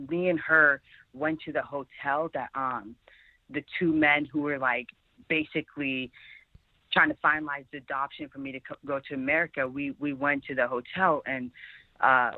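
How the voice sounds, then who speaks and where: A woman's voice: low-pitched, dry recording. A woman in her twenties from Sierra Leone, a guest telling her own story earnestly and often saying "like" and "really". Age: 20s. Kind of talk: personal storytelling interview. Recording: tinny phone line.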